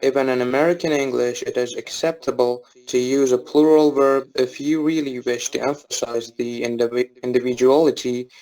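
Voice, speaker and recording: Male student reader, plain middle voice, steady classroom reading with occasional restarts. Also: mid-range voice, normal speed, hardly any pauses, poor audio. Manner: reads steadily with small restarts on words.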